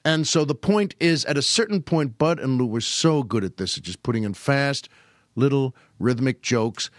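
Here an older man hosting a podcast tells relaxed stories about old comedy, shifting into high, put-on voices whenever he quotes old comedians. His pace is moderate and his manner animated, and the studio-quality recording has no room sound.

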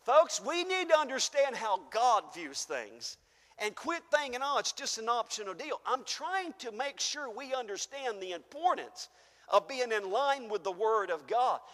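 A man's voice: very high voice, very animated, normal speed, in a large hall. A man preaching a fervent sermon as pastor, calling out to his congregation and laughing between points. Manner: fervent preaching, rising and shouting, then chuckling asides. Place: church sanctuary.

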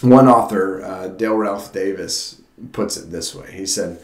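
A man's voice: deep voice, measured pace. A man preaching a sermon as pastor, in an earnest, conversational way with frequent restarts. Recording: roomy echo.

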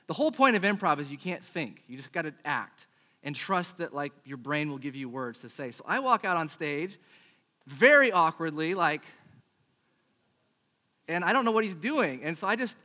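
A middle-aged man preaching a sermon, telling a self-deprecating personal story in a chatty, animated way. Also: sits high, normal speed. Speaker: pastor.

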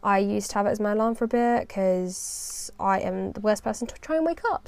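A woman's voice: mid-range voice, lively intonation, a little fast, gravelly, few pauses, darkish tone, no room sound. A young woman from the UK hosting her own podcast, chatting casually and rambling, with a self-deprecating humour. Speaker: podcast host. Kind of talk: casual solo podcast chat.

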